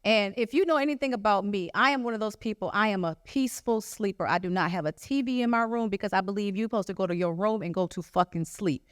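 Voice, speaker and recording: A young adult woman doing stand-up comedy, telling profane stories in a loud, animated way and acting out the people she quotes. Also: mid-range voice, quick pace, hardly any pauses, clear, resonant tone.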